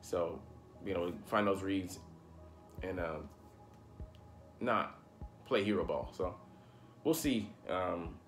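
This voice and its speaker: Um homem falando sozinho sobre futebol americano em tom de conversa, divagando, com palavrões e explosões de irritação. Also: male voice, deep voice, slow pace, pauses often, faint music behind. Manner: rambling, profane, heated bursts. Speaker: sports commentary host. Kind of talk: casual solo sports talk.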